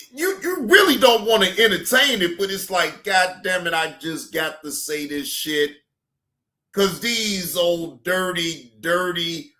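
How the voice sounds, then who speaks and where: Male stream host with a higher voice who drawls slowly, slangy and profane, loud then hushed. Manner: slangy, profane, repeats himself; swings between loud hype and low, quiet asides. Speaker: reaction show host. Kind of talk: casual livestream talk.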